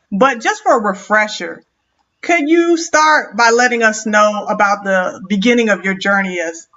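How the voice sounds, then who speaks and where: A woman hosting a casual live stream, lively and greeting viewers one by one. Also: on the high side. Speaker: host. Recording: dull lo-fi stream audio.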